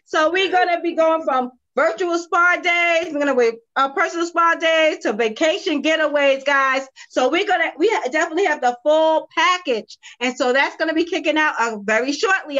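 A bubbly woman in her fifties hosts a live video chat. Her voice sits high and sounds bright and sharp. The sound is muffled, like video call audio. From New York state. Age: 50s. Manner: bubbly, chatty, repeats "guys" often. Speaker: host.

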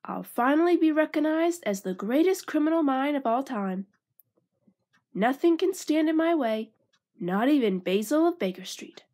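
A woman's voice: high voice, animated, normal speed, a little mellow. A woman voicing a boastful, sneering male rat villain in a storybook reading. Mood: wicked. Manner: sneering, grandiose.

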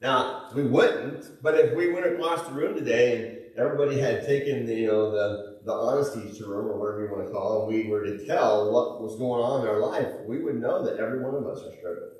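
Echoey church pastor, conversational preaching. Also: male voice, mid-range voice, brisk, few pauses, a little mellow. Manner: conversational preaching, folksy asides and chuckles. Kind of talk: sermon. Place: church auditorium. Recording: echoey church hall, mic at a distance.

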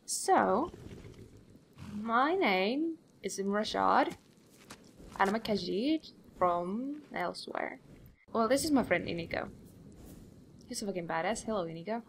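A woman's voice: mid-range voice, animated, measured pace, creaky, pauses often, slight background noise. A young woman hosting a game playthrough, chatty and rambling, acting out the voices she quotes. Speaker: let's play host. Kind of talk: casual gameplay commentary.

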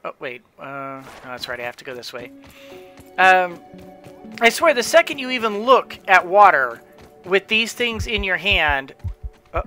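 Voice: medium pitch, very animated, a little slow, long pauses, bright, forceful tone, faint music behind. A gamer giving casual gameplay commentary, rambling with frequent restarts and chuckling to themself. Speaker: let's play gamer.

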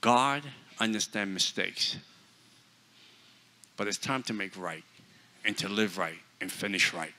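Male guest preacher, forceful sermon delivery, sharp bright voice. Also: fairly low pitch, a little slow, pauses often. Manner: forceful, blunt, swings between loud and hushed. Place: church.

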